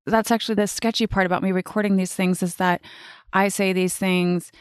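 A woman's voice: mid-range voice, fairly quick, smooth, no echo, studio quality. A woman in her forties hosting her own life-coaching podcast, talking casually, bluntly and with plenty of swearing. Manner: blunt, profane and animated. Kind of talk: casual solo podcast monologue.

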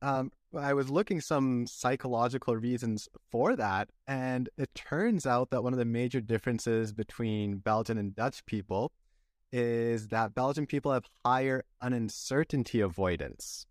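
A young man hosting a podcast, chatting in a relaxed way and asking his guest questions. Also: mid-range voice, measured pace, dry recording, studio quality. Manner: relaxed and conversational, asks questions. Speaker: podcast host. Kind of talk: casual podcast chat.

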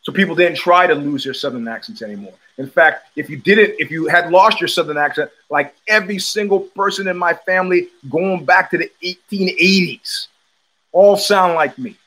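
A man hosts his own show and talks alone in a loose, animated monologue. His voice sits a little high for a man. He pushes hard on his points and keeps breaking off to restart his sentences. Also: brisk, hardly any pauses, low-quality recording. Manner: animated, emphatic, with frequent restarts and fillers. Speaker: host. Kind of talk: casual monologue.

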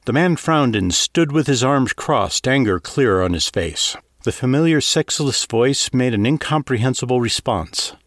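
Male audiobook narrator; lively, expressive pitch, dry close studio sound. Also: moderate pace, hardly any pauses, no room sound. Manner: expressive, steady storytelling.

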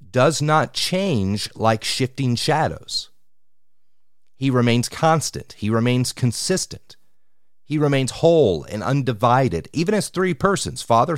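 A man preaching a sermon on scripture, measured and deliberate, slowing down to stress key words. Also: medium pitch, no echo, clean studio sound. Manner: measured, slows for emphasis on scripture.

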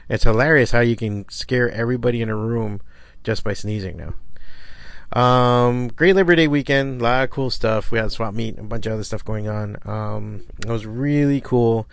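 A man's voice: medium pitch, normal speed, creaky, no room sound. A middle-aged man with a Miami accent hosting his own podcast from his studio, rambling and swearing casually. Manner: rambling, profane, self-deprecating. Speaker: podcast host and comic shop owner. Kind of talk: casual solo podcast talk.

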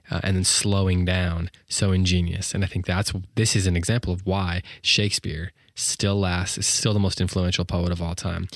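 A thoughtful man hosts a poetry podcast. His voice sits on the low side and sounds dry and close, with no room around it. He reflects on the lines, corrects himself as he goes, and slows down to enunciate when he reads the verse aloud. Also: no room sound. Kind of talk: poetry commentary and reading aloud.

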